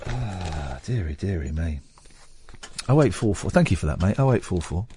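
A man's voice: low voice, very animated, moderate pace, mellow, a little hiss or hum. A middle-aged man hosting a late-night radio phone-in, rambling and self-mocking as he chats with callers.

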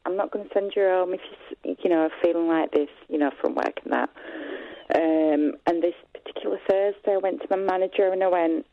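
A middle-aged woman calling a phone-in, talking hesitantly with many pauses, sounding distressed. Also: on the low side, no room sound. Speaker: caller. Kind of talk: phone-in call. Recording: tinny phone line.

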